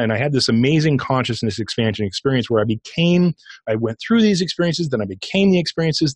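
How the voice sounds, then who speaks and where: A middle-aged man, a podcast guest and author, telling a personal experience in a casual, animated way, acting out his own inner dialogue. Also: mid-range voice, dry recording. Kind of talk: interview storytelling.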